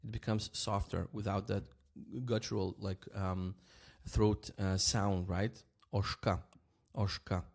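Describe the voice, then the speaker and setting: With a lowish voice, a man leads a casual language lesson. He says example words slowly, repeats them, and regularly checks understanding with "right?"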